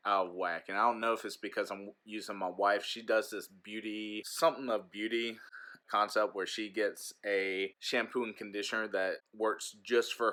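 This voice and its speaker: A man's voice: fairly low pitch, bright, forceful tone. A man who teaches eighth grade, chatting frankly and telling stories in a casual vlog into a handheld phone.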